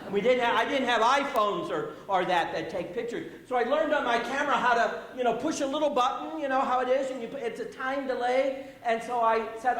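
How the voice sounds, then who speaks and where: A man's voice: very high-pitched, brisk, few pauses, fairly bright tone. A man preaching a sermon as pastor, telling folksy stories with chuckles and repetition, a little out of breath. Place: church sanctuary. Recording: roomy church echo.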